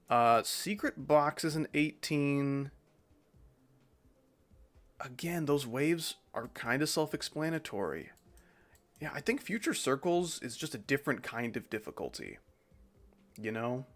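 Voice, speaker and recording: A man's voice: mid-range voice, gravelly. A man streaming a game, rambling casually as he comments on his play. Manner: rambling, chatty, swears casually. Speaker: gaming streamer.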